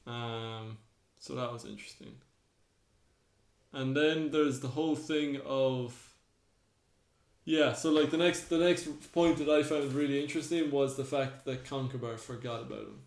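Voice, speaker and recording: A man's voice: medium pitch, steady tone, unhurried, darkish tone. A man, co-hosting a podcast, casually retelling myths and acting out the characters' lines. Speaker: podcast co-host. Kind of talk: casual storytelling chat. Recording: roomy echo.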